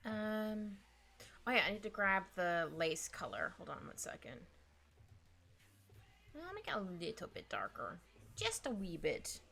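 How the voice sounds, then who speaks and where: A woman's voice: mid-range voice, sing-song, a little slow, gravelly, long pauses, bright, forceful tone. A young woman, chatting casually and giggling as she draws live. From Canada. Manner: giggly, rambling, playful asides. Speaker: streamer drawing live. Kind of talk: casual chat while drawing. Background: faint music playlist.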